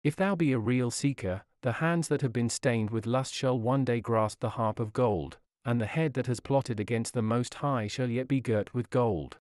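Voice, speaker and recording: A man reading a Victorian sermon in an earnest, formal preaching manner. His voice sits at an ordinary male pitch, and the recording is close and dry with no room sound. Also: moderate pace, few pauses, darkish tone, dry recording. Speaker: sermon reader.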